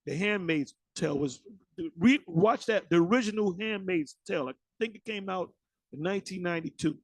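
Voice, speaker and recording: A man's voice: high voice, expressive, normal speed, dry recording, poor audio. A man preaching informally, blunt and profane, often restarting and repeating words.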